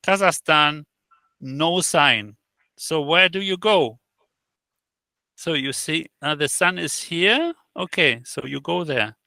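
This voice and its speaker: Gravelly, bright-voiced man telling stories. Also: fairly high pitch, no echo. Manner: halting, with many fillers and restarts; animated storyteller who acts out quoted exchanges. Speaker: interview guest. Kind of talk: casual interview chat.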